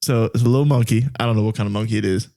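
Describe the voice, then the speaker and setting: A man's voice: on the low side, fairly even intonation, racing, mellow. A man co-hosting a podcast in casual chat, telling stories with lots of fillers and frequent laughter. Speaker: podcast co-host.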